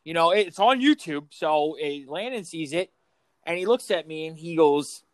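A middle-aged man with a fairly high voice, ranting hard and cursing constantly on a casual sports podcast. He sounds dry and close, with no room around him, and keeps hammering his points with heated emphasis. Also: lively intonation, moderate pace, no echo. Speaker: podcast co-host, youth coach. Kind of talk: profane ranting sports chat.

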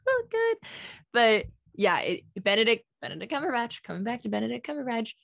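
A young woman, a podcast guest, chatting casually and excitably with lots of fillers. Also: a little high, quick pace, vocal fry, no room sound, clean studio sound.

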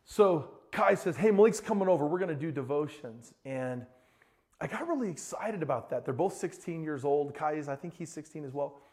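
A middle-aged male pastor delivers a sermon with a slightly high voice. He tells stories with lively energy. He drops low and soft for scripture, then climbs high and loud in the anecdotes. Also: brisk. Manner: storytelling, animated, rises to excited shouting in anecdotes.

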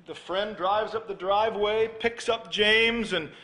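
A man preaching a sermon, telling a story with acted dialogue and then dropping to a hushed, earnest plea and prayer. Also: high-pitched, unhurried. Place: church.

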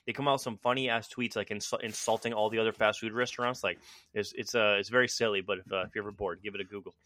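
A man's voice: on the low side, fairly even intonation, fast, sharp tone. A man co-hosting a podcast with a cold and a cough drop in his mouth, talking in a laid-back, casually profane way. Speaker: podcast co-host.

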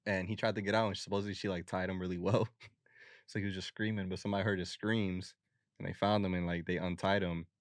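A young man trades stories on a casual podcast. His voice sits lowish and sounds dry and close to the mic. He talks in loose slang and laughs often. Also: flat delivery, fast, dry recording. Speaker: podcast co-host. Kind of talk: casual chat.

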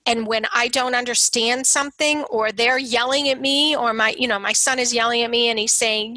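A woman speaking in a thoughtful, earnest way, her voice bright and a little high. She leans into quoted lines as she talks them through. The sound is close and dry. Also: steady tone, moderate pace, hardly any pauses, no echo, rough recording. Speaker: parent of a son with substance use. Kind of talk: casual conversation on recovery support.

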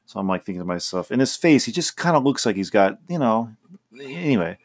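A man's voice: lowish voice, sing-song, fairly quick. A man hosting a podcast, talking in a loose, rambling way full of restarts. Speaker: podcast host. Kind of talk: casual rambling monologue. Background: faint guitar he plays himself.

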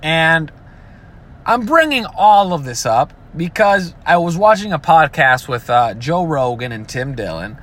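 A man's voice: fairly high pitch, big pitch swings, a little slow, fairly bright tone. A man ranting casually and profanely, often breaking into mocking imitations of other people. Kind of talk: casual rant.

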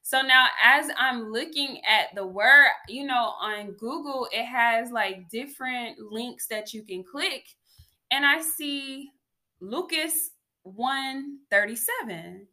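Woman vlogger, animated testimony, unhurried delivery, crisp bright tone. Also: fairly high pitch. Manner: animated, chatty, addresses viewers as y'all. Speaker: faith vlogger. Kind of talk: casual testimony to viewers.

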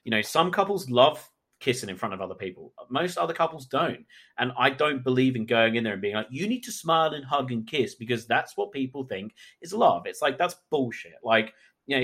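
A man, a photographer, talking candidly in a casual interview, animated and swearing freely. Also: mid-range voice, breathy edge. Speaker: photographer guest.

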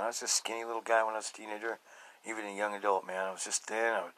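A middle-aged man hosting a podcast, telling his own story emphatically and swinging between loud outbursts and low murmurs. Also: level tone, rapid-fire, slight background noise, low-quality recording. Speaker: podcast host. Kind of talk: personal testimony monologue.

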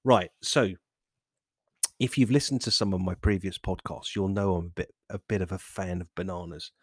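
Low-voiced guy rambling through his fitness podcast, dry close sound. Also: fairly even intonation, normal speed, husky, dry recording. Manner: rambling, self-correcting. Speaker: podcast host.

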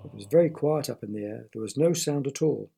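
Husky man reading a children's story. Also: mid-range voice, fairly quick. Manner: gentle, explains words to young listeners.

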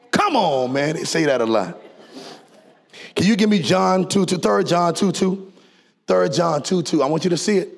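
Man, preacher, high husky voice, gravelly, sermon, call and response, shouted sung peaks. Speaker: pastor. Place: church before a congregation.

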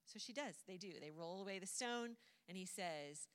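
A woman's voice: medium pitch, expressive, normal speed, few pauses, clean tone. A woman preacher casually retelling a Bible story in a chatty way, often laughing and lightly acting out the voices. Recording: long hall reverb.

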